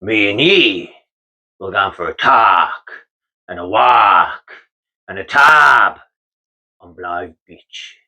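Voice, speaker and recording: A man's voice: fairly low pitch, animated, slow, long pauses, bright, forceful tone, slightly rough. A Geordie man from North East England, a builder vlogger giving a jokey, mock-dramatic monologue to camera, teasing and swearing casually.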